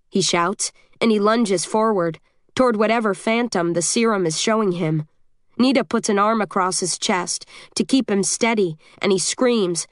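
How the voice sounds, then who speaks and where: Dry, steady woman audiobook narrator. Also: mid-range voice, moderate pace, dry recording. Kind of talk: first-person audiobook narration.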